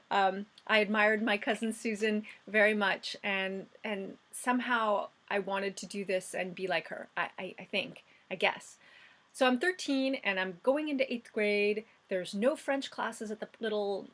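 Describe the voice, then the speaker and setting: Woman, 40s, casual vlog chat, middle pitch, reminiscing with ums and restarts. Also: a bit bright. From United States. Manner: chatty and reminiscing, with fillers and restarts. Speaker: vlogger.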